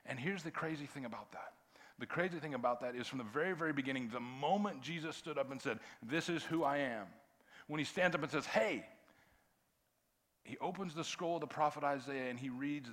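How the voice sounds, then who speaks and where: A middle-aged man, a pastor giving a conversational sermon that swings between hushed quiet and loud emphasis. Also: on the high side, lively intonation, brisk. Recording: long reverb of a large hall.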